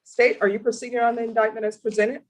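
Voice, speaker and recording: A woman judge in a courtroom, asking formal, deliberate questions in a stern manner. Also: on the high side, level tone, rough recording. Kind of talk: courtroom plea hearing.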